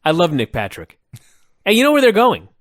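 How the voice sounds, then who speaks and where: A man co-hosting a podcast, animated and quick to laugh, swearing for emphasis as he reviews old wrestling shows. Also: high-pitched, no room sound, clean studio sound. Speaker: podcast co-host. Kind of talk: casual review chat.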